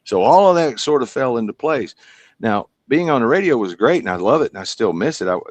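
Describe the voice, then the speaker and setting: A man's voice: mid-range voice, lively intonation, fairly quick, dry recording. A man in his fifties from Kentucky, telling stories casually as a podcast guest, chatty and rambling. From Kentucky, USA. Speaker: podcast guest, comedian and hypnotist. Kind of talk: casual storytelling interview.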